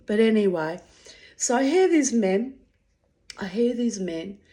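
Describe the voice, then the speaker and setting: A woman's voice: medium pitch, expressive, measured pace, dark tone. Blunt, profane woman storyteller. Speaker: vlogger. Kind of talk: casual storytelling monologue.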